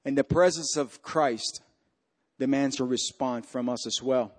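A man preaching a sermon as pastor, swinging from loud, rising peaks to hushed, quiet lines. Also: medium pitch, unhurried.

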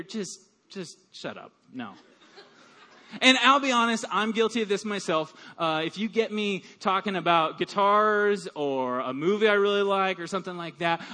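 A man preaching a sermon as pastor, lively and talking with his hands, acting out quotes. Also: sits high. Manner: animated, acts out quoted voices.

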